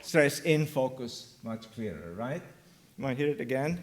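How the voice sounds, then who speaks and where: Male academic presenter, unhurried delivery, hesitant, frequent fillers. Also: mid-range voice, very animated. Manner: slow, many ums and uhs, pauses mid-phrase. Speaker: linguistics lecturer. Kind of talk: academic conference talk. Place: lecture hall.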